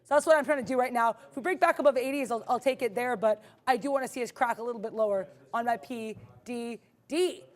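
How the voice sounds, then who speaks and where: A woman's voice: fairly high pitch, fast, few pauses. A woman co-hosting a live trading stream, upbeat and chatty, often laughing as she talks through her trades. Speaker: day trader co-host.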